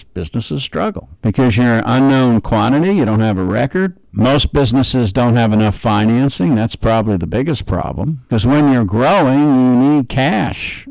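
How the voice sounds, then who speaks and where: A man's voice: medium pitch, darkish tone, dry recording, poor audio. A middle-aged American man giving a political talk, emphatic and repeating words for stress. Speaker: speaker.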